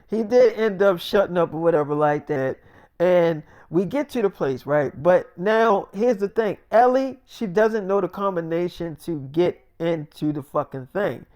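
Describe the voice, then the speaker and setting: A man's voice: sits high, a little mellow. A man casually recapping a game playthrough, profane and rambling with offhand asides. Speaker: storyteller.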